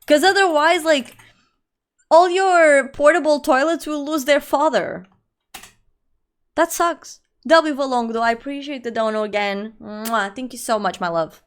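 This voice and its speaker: A woman's voice: sits high, a little slow. A young woman livestreaming and chatting with her audience, rambling with lots of fillers and calling viewers "my love". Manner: rambling, filler-heavy, affectionate with chat. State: allergies. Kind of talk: casual livestream chat.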